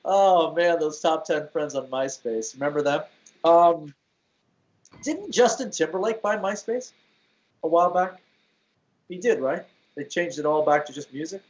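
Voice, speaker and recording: A man hosting a comedy talk show, playful and quick to laugh, often restarting his sentences. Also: on the high side, muffled recording. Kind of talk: casual comedic chat.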